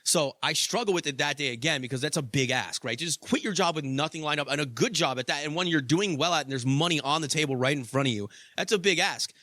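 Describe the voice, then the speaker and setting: A man's voice: a little high, fast, few pauses, bright, forceful tone, no echo. A young adult man hosting a podcast, telling a story in a casual monologue, swearing freely and padding with "like" and "you know.". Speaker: podcast host.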